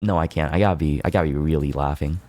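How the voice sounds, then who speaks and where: Low-voiced playful male streamer. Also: rapid-fire, warm tone, no room sound. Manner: laughing, playful, rambling asides to chat. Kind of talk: casual chat with chat.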